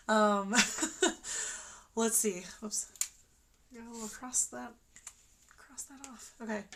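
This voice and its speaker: A woman's voice: fairly high pitch, creaky, a bit bright. A woman telling her own story on a livestream in a chatty, rambling way, full of fillers and restarts. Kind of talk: casual personal storytelling.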